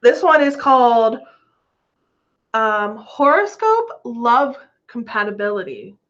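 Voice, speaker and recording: A woman's voice: fairly high pitch, big pitch swings, slow pace, fairly bright tone. A woman chatting casually about astrology as a vlog host, laughing often and swearing offhandedly. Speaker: astrology vlogger. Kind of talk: casual chat. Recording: lo-fi dull sound.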